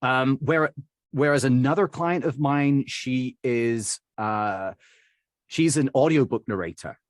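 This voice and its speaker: A man's voice: mid-range voice, slow pace, dry recording, clean studio sound. A middle-aged man from Birmingham, England, answering interview questions as a dialect coach, rambling with many fillers and restarts. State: recovering from covid.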